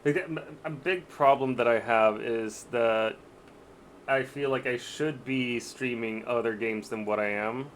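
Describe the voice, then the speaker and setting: A man's voice: mid-range voice, unhurried, a little hiss or hum. A man streaming a game live, giving casual commentary with exasperated, swearing outbursts.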